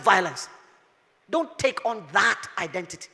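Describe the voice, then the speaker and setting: A woman's voice: a little high, expressive, moderate pace, sharp tone, long reverb tail. A woman pastor preaching emphatically, firing rhetorical questions and telling stories. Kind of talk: sermon.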